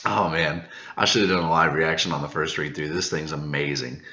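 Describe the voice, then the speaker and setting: A man hosting a manga review channel, reading through a chapter in an excited reaction, chuckling often and saying "uh" a lot. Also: a bass voice, brisk. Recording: roomy, dull lo-fi sound.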